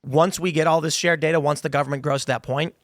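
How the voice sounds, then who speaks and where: A man hosting a podcast panel in a studio, telling stories in an animated way and acting out dialogue. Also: fairly high pitch, fast talker, no room sound. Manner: animated storytelling, acts out dialogue. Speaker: podcast host. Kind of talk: casual panel discussion.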